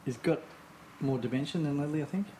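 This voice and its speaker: Quick-talking football fan. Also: male voice, on the high side, mellow, slight background noise, poor audio. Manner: quick, musing football opinions, tags questions. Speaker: podcast co-host. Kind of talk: casual chat.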